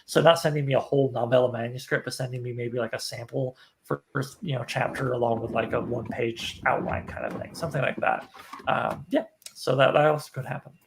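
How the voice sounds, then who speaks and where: A man's voice: mid-range voice, brisk, vocal fry, a little hiss or hum. A man hosting a casual launch livestream, rambling and self-deprecating as he talks with cohosts. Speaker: magazine editor hosting a launch stream.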